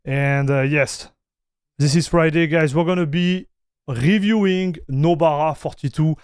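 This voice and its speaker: A man's voice: on the high side, unhurried, a little mellow, smooth, no room sound, studio quality. A man with a French accent hosting a chatty livestream. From North America. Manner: chatty, greets viewers by name, mixes in French and Spanish phrases, laughs often. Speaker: streamer reviewing Linux gaming. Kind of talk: casual livestream chat.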